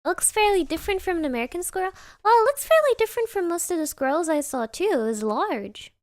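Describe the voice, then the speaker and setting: A woman's voice: extremely high pitch, big pitch swings, fast, a little mellow, dry recording, studio quality. A young woman streaming from home, giggling and rambling as she chats casually with her live chat and reads their messages aloud.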